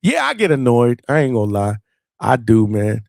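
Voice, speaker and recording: A man's voice: mid-range voice, sing-song, normal speed, creaky, a little mellow, no room sound, studio quality. A man hosting a late-night boxing call-in show, talking in a loose, slangy and profane way, with lots of "man" and "bro". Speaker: podcast host.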